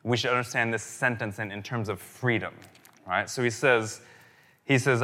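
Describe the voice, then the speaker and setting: A man in his thirties preaching a sermon as pastor, animated and conversational, with many restarts. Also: medium pitch, normal speed. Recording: long hall reverb.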